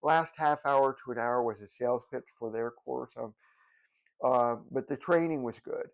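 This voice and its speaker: A man's voice: mid-range voice, normal speed, gravelly. An older man, a hospice nurse, talking casually to the camera, rambling with many fillers and restarts. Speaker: hospice nurse training as a death doula.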